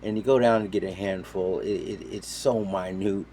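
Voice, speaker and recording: A man casually telling a story, animated, jumping between loud quoted voices and quiet asides. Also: low-pitched, normal speed, a little hiss or hum. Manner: animated, acts out quoted voices with sudden loud and soft swings. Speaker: storyteller on a talk show.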